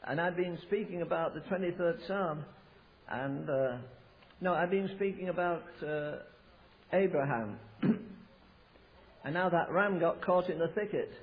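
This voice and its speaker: A high-pitched man from America delivers a sermon, spinning anecdotes with emphatic, halting restarts. His voice comes through a thin, phone-like recording that strips away the lows and highs. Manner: storytelling, emphatic, with frequent restarts. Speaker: preacher. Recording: tinny, phone-like low-fidelity recording.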